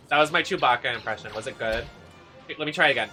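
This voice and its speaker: Campy, sassy game streamer with a bright voice. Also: mid-range voice, quick pace, soft background music. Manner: campy, sassy, playful banter; loud gasps and squeals of delight. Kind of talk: live let's-play commentary.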